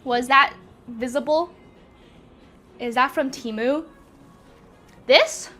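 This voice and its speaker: A woman's voice: sits high, slow, sharp tone, soft background music. A young woman live-streaming from home in a casual, scatterbrained and giggly way. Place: at home by a walking pad.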